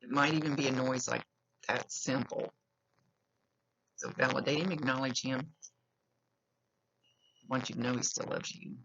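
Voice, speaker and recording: A woman's voice: a bass voice, steady tone, a little slow, creaky, pauses often, fairly bright tone. A woman psychic medium with a slight lisp, giving an earnest, reassuring reading and repeating key phrases. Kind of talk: giving a spoken reading to a client. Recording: dull lo-fi recording.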